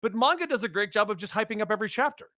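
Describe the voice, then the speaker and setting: Brief: excitable man, lively bright voice, emphatic podcast host. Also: sits high, rapid-fire, no echo, clean studio sound. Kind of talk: casual podcast chat.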